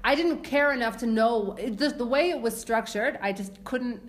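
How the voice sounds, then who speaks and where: A woman co-hosting a podcast in casual chat, teasing and quick-witted. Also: on the high side. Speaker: podcast co-host.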